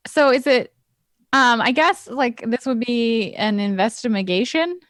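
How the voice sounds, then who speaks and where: A woman's voice: a little high, a little slow, fairly bright tone, dry recording, clean studio sound. A woman playing in a tabletop game, speaking casually and hesitantly, with many "like"s and "um"s. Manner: hesitant, full of "like" and "um". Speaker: player.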